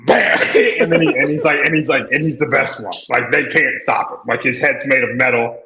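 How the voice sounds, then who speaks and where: A man's voice: mid-range voice, steady tone, normal speed, reverberant, crowd noise, low-quality recording. A man co-hosting a podcast, chatting casually and rambling with lots of filler words. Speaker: podcast co-host. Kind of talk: casual chat.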